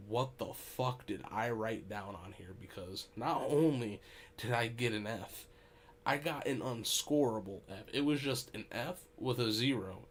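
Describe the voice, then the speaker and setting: Young male podcast host, low voice, animated and profane storyteller. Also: a little hiss or hum. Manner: animated, profane, laughing asides. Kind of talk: casual storytelling.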